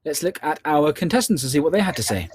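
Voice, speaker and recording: A man hosting a live online charity quiz, reading questions slowly and slipping in joking asides. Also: on the high side, very animated, slight background noise. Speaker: quiz host. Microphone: earbud headset.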